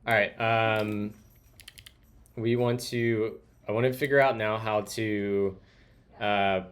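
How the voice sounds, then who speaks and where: Deep voiced guy livecoding, slow and mumbly, thinking out loud, typing in the background. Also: steady tone. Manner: muttering to himself while typing. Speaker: streamer. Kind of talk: live coding, thinking aloud. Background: keyboard typing.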